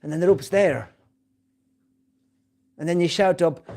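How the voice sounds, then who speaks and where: A man's voice: a little high, a little slow, vocal fry, dark tone. A man giving a scripture class in a temple, telling stories and acting out the people in them. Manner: storytelling with acted-out voices and laughter. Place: temple hall.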